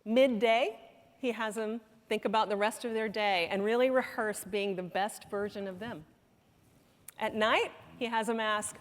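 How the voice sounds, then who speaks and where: A woman's voice: mid-range voice, normal speed. Woman speaker in a reverberant hall. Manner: storytelling, warm and earnest with quoted dialogue. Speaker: conference speaker. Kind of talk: conference talk. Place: conference hall.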